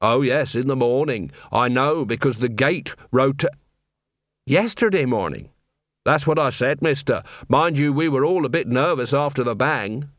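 A man voicing a mournful, nervous male clown who speaks slowly and mumbles. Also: mid-range voice, lively intonation, dry recording, clean studio sound, close to an everyday voice. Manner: slow and mumbling.

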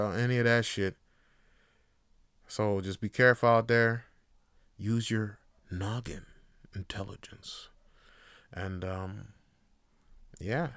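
A man hosting his own podcast in a casual, rambling monologue, cursing and joking and often breaking into loud hyped bursts. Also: on the low side, no room sound, studio quality. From Canada. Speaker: podcast host.

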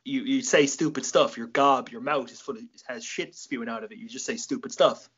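A man's voice: mid-range voice, brisk, a bit bright, husky. Swearing young Irish man, lo-fi. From Ireland. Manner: rambling, swears a lot, jokey. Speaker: podcast host. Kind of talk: casual interview chat.

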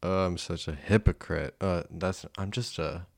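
A man's voice: low-pitched, moderate pace, vocal fry, no room sound. A young man hosting a casual solo podcast, rambling and self-deprecating, swearing often. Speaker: podcast host.

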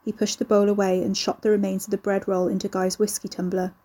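Brief: woman audiobook narrator, warm, mellow tone, slightly husky, measured delivery. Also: mid-range voice, flat delivery.

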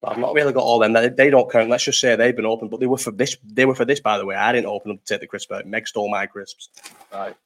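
A man's voice: fairly low pitch, steady tone, quick pace. A man, hosting a casual live chat stream from home, telling rambling stories full of swearing and laughter into a partly covered desk mic. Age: 30s.

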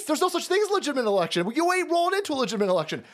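A man with a strikingly high voice tears through a profane political rant on his stream. He repeats himself for force and drops into mocking imitations of the people he argues against. His talk runs hot and relentless. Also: sing-song, very fast, few pauses. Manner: heated, profane, repetitive ranting with sarcastic mock quotes.

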